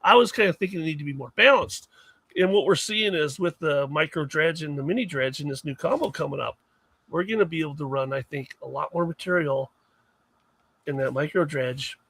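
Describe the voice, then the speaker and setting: A man's voice: on the high side, fairly quick, fairly bright tone, breathy edge. A middle-aged man chatting on a podcast, telling rambling, self-mocking stories full of restarts. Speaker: guest, mining equipment maker. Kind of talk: casual podcast chat.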